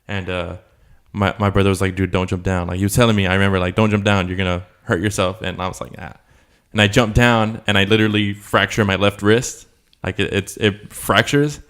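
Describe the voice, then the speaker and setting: Young male podcast co-host, low voice, loose rambling storyteller who laughs easily. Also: steady tone, fairly quick, hardly any pauses, a bit bright. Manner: rambling storytelling with frequent laughter and filler words. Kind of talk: casual chat.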